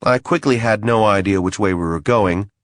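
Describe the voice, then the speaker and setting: A man's voice: fairly low pitch, normal speed, no room sound. A man reading a first-person fantasy audiobook in a dry, wry manner. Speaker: audiobook narrator.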